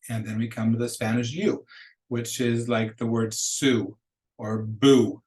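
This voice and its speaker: A man teaching a recorded beginner language lesson, explaining casually and slowly modeling each phrase twice for students to repeat. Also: mid-range voice, steady tone, a little mellow. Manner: casual explaining with restarts between drills. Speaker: Spanish teacher.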